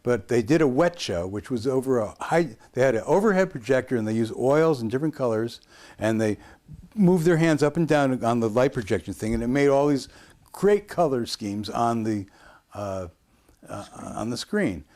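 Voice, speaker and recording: Older man from the US, interview guest, rambling anecdote, animated pitch, many hesitations. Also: normal speed. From United States. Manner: rambling, with frequent hesitations and restarts. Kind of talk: storytelling interview.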